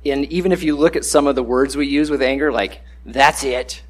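A man's voice: medium pitch, quick pace. A man giving a casual, conversational sermon, acting out the voices he quotes.

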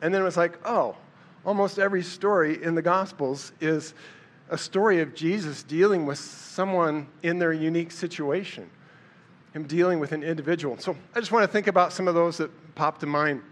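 A man delivers a casual sermon in a conversational, storytelling manner. His voice sits a little on the high side, and he slips into quick voiced-out lines for the people in his stories. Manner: conversational, storytelling, acts out quotes with a raised voice. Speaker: preacher.

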